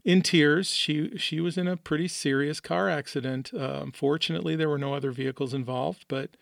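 A man's voice: on the high side, steady tone, fairly quick, gravelly, dry recording, studio quality. A middle-aged man from the American Midwest, hosting a podcast and telling a personal story in an earnest, openly emotional way. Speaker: podcast host. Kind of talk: personal monologue.

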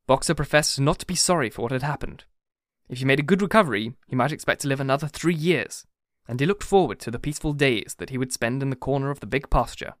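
A man narrating an audiobook with steady, even reading. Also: mid-range voice, quick pace, no room sound, studio quality. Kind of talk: scripted narration.

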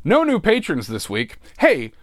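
A man hosting his own podcast, chatting through show housekeeping in an animated, jokey way with wry asides, close on a podcast mic. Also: high-pitched, a little slow, dry recording. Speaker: podcast host and producer. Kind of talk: casual solo podcast housekeeping.

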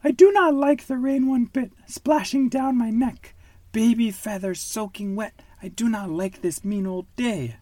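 A man's voice: extremely high pitch, lively intonation, slow, few pauses, a little mellow, dry recording, pitched above the performer's own voice, full character voice. A man voicing a small, cranky young duckling girl in a children's storybook, whiny and pouting. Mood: sulky singing. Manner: whiny, pouting sing-song.

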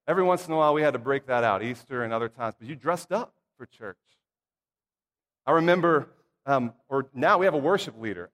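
A middle-aged preacher with a slightly high voice tells humorous church stories from the pulpit. His folksy, playful asides ring out through a long reverb of a church hall. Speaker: pastor or church minister. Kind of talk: casual storytelling sermon. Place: church sanctuary.

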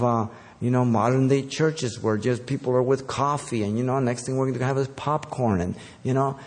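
A man's voice: medium pitch, warm tone, big-room sound. A man preaching a conversational sermon as pastor, with filler words and self-corrections along the way.

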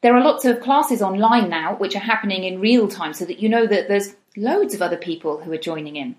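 A woman talks through practical advice like a coach, encouraging and steady. She often slips into the voice of someone talking to themselves to make her points. Her pitch sits in the middle, and the recording has a noticeable roomy echo. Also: fairly quick. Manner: encouraging, acts out inner voices in quotes. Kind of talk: advice talk to camera.

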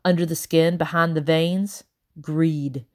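A woman's voice: low voice, fairly even intonation, slow pace, darkish tone. A woman reading as The Alligator, a cold ancient spirit. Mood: cold mocking.

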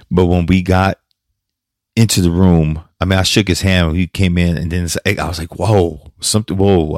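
A man with a deep, low voice talks on his own podcast, choked up and near tears. He stumbles, restarts and laughs through the emotion. The sound is dry and close, with no room echo. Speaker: podcast host. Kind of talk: personal podcast monologue.

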